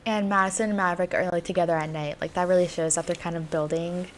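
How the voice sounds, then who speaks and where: A woman's voice: fairly low pitch, steady tone, fast, slight background noise. A woman co-hosting a podcast, chatting casually with fillers and frequent laughs as she reads through scripts. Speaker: podcast co-host.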